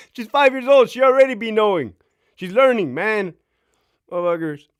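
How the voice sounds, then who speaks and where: A man's voice: high-pitched, smooth, no room sound. A man in his thirties hosting a casual livestream from home, cursing freely, laughing and answering chat comments. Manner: profane, boastful, laughing, addresses chat directly. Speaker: livestream host.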